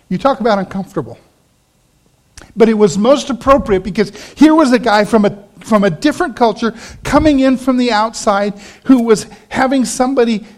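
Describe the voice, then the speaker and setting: High-voiced male pastor preaching. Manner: storytelling, animated voices for quoted people. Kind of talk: sermon.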